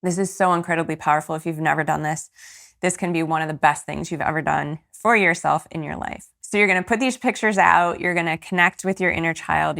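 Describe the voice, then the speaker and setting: This gravelly, lowish, slightly bright voice belongs to a woman in her thirties who hosts a solo podcast and works as a coach. She talks casually, earnest and encouraging, sometimes growing teary.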